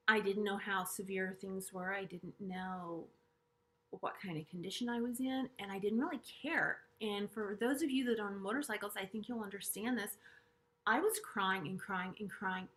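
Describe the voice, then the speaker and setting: A middle-aged woman earnestly telling a personal story to camera, halting and restarting often and dropping to hushed asides. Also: medium pitch. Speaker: vlogger sharing a personal story.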